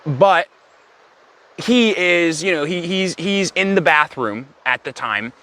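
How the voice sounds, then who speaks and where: A young man spins a rambling comic story in a deadpan tone. His voice sits a bit high and sounds sharp and bright. He keeps breaking off for self-aware asides. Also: slow pace. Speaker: comedian.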